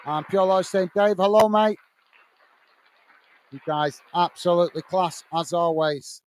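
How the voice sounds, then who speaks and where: A man's voice: sits high, steady tone, a little slow, a little hiss or hum. A British man hosting a live football watch-along stream, reading viewers' chat comments aloud in a friendly way and calling them mate.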